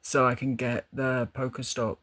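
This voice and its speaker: A man's voice: medium pitch, little pitch movement, moderate pace, a bit bright. A man chatting casually to his live stream viewers, rambling a bit and laughing often. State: out of breath.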